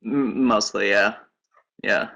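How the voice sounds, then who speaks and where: A young-sounding man chats on a video call about the clothes he makes. His voice is bright and a bit tense, and he talks modestly with giggles, rambling from one thing to the next. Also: lowish voice, fairly even intonation, slow pace, gravelly. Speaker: guest designer. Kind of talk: casual interview chat.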